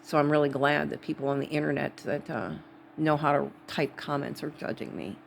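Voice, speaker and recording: A woman's voice: low-pitched, fairly even intonation, brisk, creaky, slight background noise. A woman from Wisconsin with a Wisconsin accent, talking to camera in a rambling, digressive vlog. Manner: rambling, digressive, full of asides. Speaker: vlogger. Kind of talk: casual rambling monologue.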